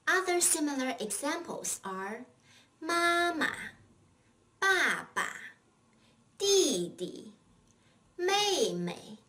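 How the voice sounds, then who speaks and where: Lady teacher going slow and clear, voice bounces up and down a lot, kinda far from the mic. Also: fairly high pitch, a little hiss or hum. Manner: patient, clear drill-style teaching with repeat-after-me prompts. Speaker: Chinese language teacher. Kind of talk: recorded language lesson.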